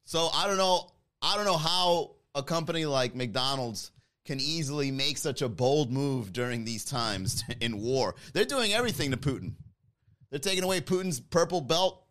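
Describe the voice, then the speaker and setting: A man's voice: mid-range voice, expressive, normal speed, fairly bright tone. Jokey, rambling male streamer. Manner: jokey, rambling, laughs often. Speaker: streamer commenting on news. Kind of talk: casual comedic commentary.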